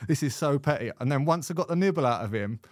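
A man's voice: medium pitch, lively intonation, fast talker, no echo, clean studio sound. A man hosting a podcast, telling stories in laughing, matey banter. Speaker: podcast host. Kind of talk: casual podcast chat.

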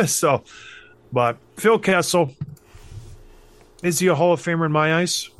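A man's voice: fairly high pitch, expressive, unhurried, pauses often, a bit bright. A man in his thirties telling a hockey story in casual chat, acting out the voices of the people he quotes. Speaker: podcast host, former hockey player.

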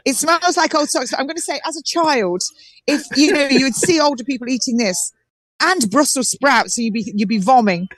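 A woman's voice: high-pitched, brisk, no room sound. A woman from southern England chatting animatedly on a phone while touring an outdoor market, full of restarts. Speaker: guest on a live call-in show. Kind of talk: live walking tour on a phone call.

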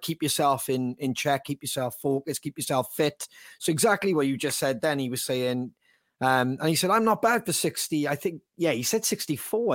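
Enthusiastic podcast co-host. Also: male voice, mid-range voice, dry recording, studio quality. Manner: enthusiastic, swears freely, lots of fillers. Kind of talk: casual podcast interview.

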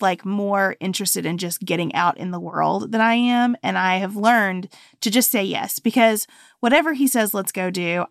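Her creaky voice sits on the low side with a bit of brightness as she co-hosts a podcast, telling stories and chatting in a relaxed way. The recording is dry with clean studio sound.

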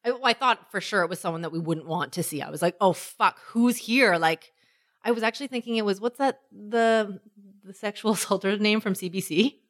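Woman chatting on a podcast, tells stories all animated, swears a lot, does the voices of people she quotes. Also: mid-range voice, fairly quick. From Canada. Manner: animated storytelling, swearing freely, acting out quotes. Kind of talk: casual chat.

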